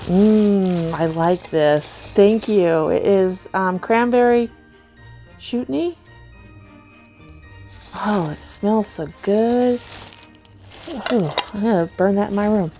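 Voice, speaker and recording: A middle-aged woman chatting casually as she unboxes giveaway gifts, gushing with excited oohs and soft gasps. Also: mid-range voice, slow, pauses often, soft background music. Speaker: vlogger unboxing a giveaway box.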